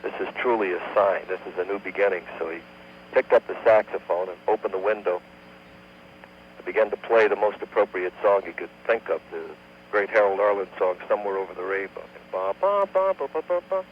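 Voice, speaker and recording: A low-voiced man spins a long, unhurried joke as a radio guest, sometimes humming a few notes of the tune. The sound is dull and lo-fi, as on an old AM broadcast, with a faint hum underneath. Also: fairly even intonation. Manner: unhurried joke-telling with sung bits. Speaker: comedian guest. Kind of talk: radio talk show storytelling.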